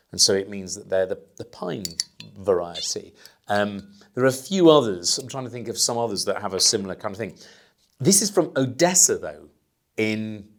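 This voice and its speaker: A man presenting and tasting wines as a sommelier, talking in a chatty, enthusiastic way and savoring his words. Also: mid-range voice. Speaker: sommelier presenting weekly wine picks. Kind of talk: casual wine tasting talk.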